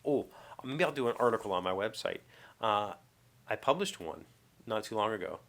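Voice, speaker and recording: Chatty, bright-voiced man vlogging. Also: fairly low pitch, expressive, moderate pace. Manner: rambling, self-correcting, chatty. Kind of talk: casual daily vlog monologue. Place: home workshop.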